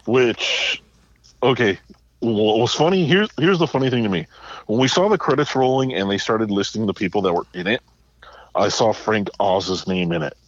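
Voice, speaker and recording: A man's voice: on the low side, lively intonation, moderate pace, dry recording, muffled recording. A man co-hosting a movie podcast, telling a casual anecdote and setting up a question for the others. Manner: storytelling, builds up to his point. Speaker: podcast co-host.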